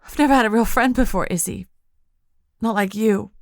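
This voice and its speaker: A woman's voice: on the high side, normal speed, dry recording, clean studio sound, voice pushed up, lightly acted. A woman voicing a distraught young witch heroine, tearful and pleading, her voice breaking.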